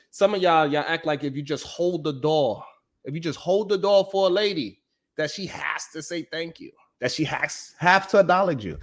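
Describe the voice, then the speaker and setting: A man, hosting a live stream in a blunt, profane, emphatic casual monologue that keeps checking in with "you know what I'm saying". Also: a little high. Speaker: live-stream show host.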